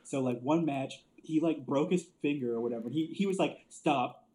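A podcast co-host tells wrestling stories in loose, profane chat, swearing a lot, laughing often, and leaning heavily on "like". His voice is a little high with a dark tone, he talks fairly quickly, and the recording is rough.

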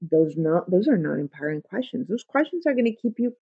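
A woman's voice: on the low side, very animated, brisk, gravelly, husky, no echo, muffled recording. A woman life coach giving a motivational talk, emphatic and full of repeated affirmations.

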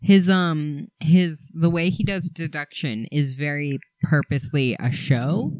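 A young man co-hosting a casual podcast, dropping joking quips and quick asides. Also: a little high, steady tone, darkish tone, dry recording. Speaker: podcast co-host.

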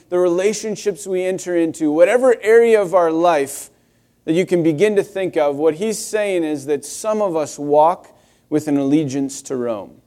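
Young male pastor, slightly high voice, conversational and wry, casual sermon delivery. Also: warm tone. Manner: conversational, wry storytelling with restarts.

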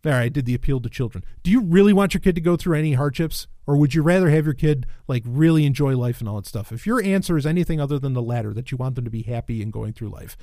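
A man's voice: mid-range voice, animated, fast talker, hardly any pauses, warm tone, no echo, studio quality. A man giving a casual, sardonic commentary monologue, rambling with restarts and swearing, then flaring into exasperated rants. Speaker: commentator reacting to a blog post.

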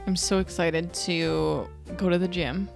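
A woman's voice: lowish voice, steady tone, unhurried, creaky. A young woman in casual chat, bubbly and asking questions, swearing casually. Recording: faint music behind.

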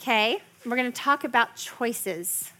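A woman in her forties giving a lively parenting workshop to a room of parents, often mimicking her kids' whiny voices. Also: on the high side, unhurried. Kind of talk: live parenting workshop talk. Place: workshop room with a live audience.

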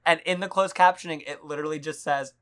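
A woman's voice: sits low, steady tone, quick pace, fairly bright tone. A young woman co-hosting a podcast, chatting casually about movies with lots of fillers and frequent laughter. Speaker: podcast co-host.

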